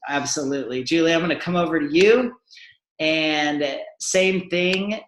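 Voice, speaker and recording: A woman's voice: low voice, unhurried, roomy sound, a little hiss or hum, low-quality recording. A woman hosting a team call, encouraging and gushing, with many fillers. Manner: warm, encouraging, filler-heavy. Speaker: call host.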